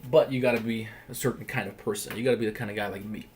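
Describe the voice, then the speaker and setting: A man from the Balkans hosts a casual livestream, firing off quick, blunt answers peppered with swearing. He talks fast and with heavy emphasis, pushing his opinions hard. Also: on the low side, fairly even intonation, a little hiss or hum. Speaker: livestream host.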